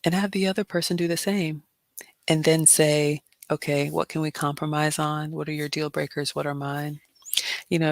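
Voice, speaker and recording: A middle-aged immigrant woman hosts a casual livestream Q&A, handing out chatty advice packed with fillers. Her voice sits low and sounds gravelly, and the recording is dry.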